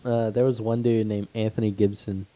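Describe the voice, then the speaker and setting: A man's voice: little pitch movement, moderate pace. A young man co-hosting a casual podcast, telling stories with lots of swearing and acting out quotes. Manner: heavy swearing, acts out quotes with loud high voices. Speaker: podcast co-host. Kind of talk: casual chat.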